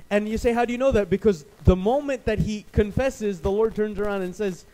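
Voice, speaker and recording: A high-voiced man preaching in a Southern US accent. He talks easily and plainly, as in conversation, and keeps turning to the congregation with questions. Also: normal speed, few pauses, mellow. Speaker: pastor. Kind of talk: sermon.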